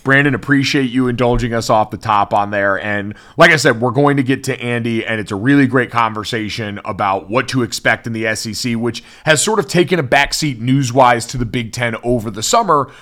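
A man's voice: medium pitch, fairly quick, hardly any pauses. A man hosting a sports podcast in casual, chatty talk full of asides. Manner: chatty, many "like" fillers, lively asides. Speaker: podcast host.

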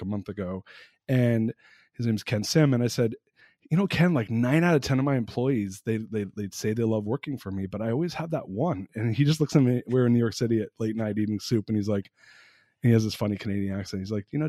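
A man in his forties hosting a casual interview, chatty and animated, with lots of fillers. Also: lowish voice, fast, no echo, studio quality. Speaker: host.

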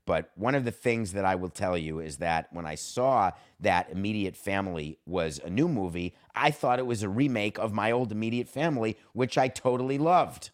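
Male podcast host, lower register, animated rambling storyteller. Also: moderate pace, few pauses. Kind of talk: casual chat.

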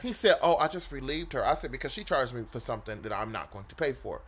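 A woman's voice: a bass voice, quick pace, a little hiss or hum. A woman co-hosting a casual comedy talk, telling a story animatedly and acting out the dialogue on a studio microphone. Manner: animated, acts out both sides of dialogue, laughs often. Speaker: podcast co-host telling a story.

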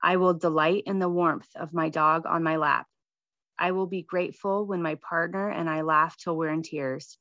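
A woman gently reading her own reflective personal essay. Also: deep voice, steady tone, moderate pace, no echo, dull audio.

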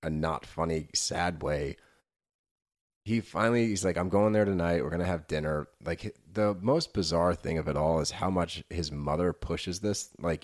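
A man's voice: low voice, normal speed. A man co-hosting a podcast, recapping a reality show in casual, opinionated chat and laughing often. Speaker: podcast co-host.

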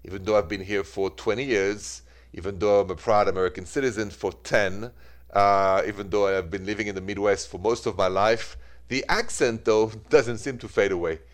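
A man from France with a French accent, hosting a call-in love and relationships radio show, unhurried and mixing in French greetings. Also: lowish voice, fairly even intonation. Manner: warm-toned, unhurried, mixes French greetings into English. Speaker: radio advice show host.

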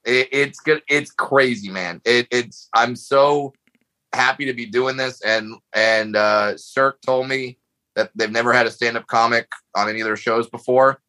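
Excited comedian guy, bright voice, keeps tripping over his words. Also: medium pitch, moderate pace, poor audio. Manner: enthusiastic, stammering restarts. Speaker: comedian guest. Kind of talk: casual chat.

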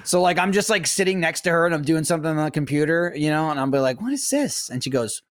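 A man's voice: steady tone, fast. A man in his thirties co-hosting a podcast, rambling through stories in casual chat. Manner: rambling, jumps between pitches when quoting. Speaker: podcast co-host.

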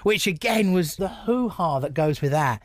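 A man's voice: a little high, lively intonation, moderate pace, no echo, studio quality. A man, a stand-up comedian, telling stories in an interview in a blunt, jokey way and acting out other people's lines. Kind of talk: casual interview storytelling.

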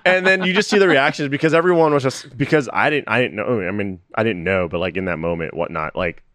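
A man co-hosting a casual podcast chat, recounting eagerly with bursts of excitement. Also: medium pitch, fast, no room sound. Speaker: podcast co-host.

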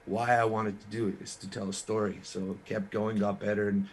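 A man from Canada, a musician guest in an interview, telling his story in an earnest, frank way with quick restarts. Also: on the low side, little pitch movement, slightly rough.

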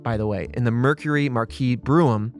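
Male podcast host, casual true-crime storyteller, mid-pitched, plays out quotes. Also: normal speed, faint music behind. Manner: conversational storyteller, acts out quotes.

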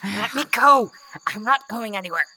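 A man voicing a captive fanged beast-man in a fan audio drama, defiant and blunt, with a raspy voice. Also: high voice, expressive, moderate pace, pushed and bright, heavily acted. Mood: grim.

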